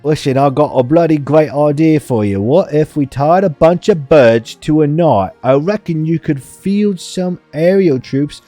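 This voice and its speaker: A man's voice: a little high, measured pace, few pauses, dark tone, dry recording, faint music behind, voice pushed up, lightly acted. A man voicing a cocky peasant schemer in a put-on Cockney accent, brash and full of slang.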